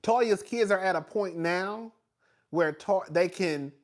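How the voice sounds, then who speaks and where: A young man with a high voice dishes on reality TV in a loose, gossipy monologue. He laughs often, leans hard on fillers, and jumps louder and higher when he gets excited. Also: takes it slowly. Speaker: reality TV commentator. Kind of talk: casual reality TV recap.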